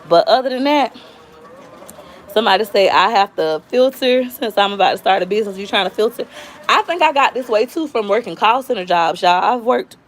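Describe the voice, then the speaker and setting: A woman's voice: fairly high pitch, a little hiss or hum. A woman from Florida hosting a casual live stream, talking candidly and acting out quoted voices as she tells stories. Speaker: YouTube host.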